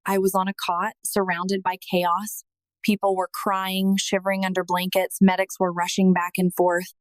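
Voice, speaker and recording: A woman narrating a scripted first-person testimony in a slow, emotional, earnest manner. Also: mid-range voice, little pitch movement, dry recording.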